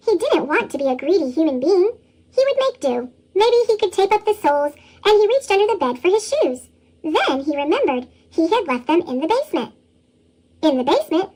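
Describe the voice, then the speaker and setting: Woman reading a story in chipmunk voice. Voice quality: chipmunk-style pitched-up voice. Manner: lively, expressive reading. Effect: chipmunk pitch shift. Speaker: storybook reader. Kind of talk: read-aloud children's story.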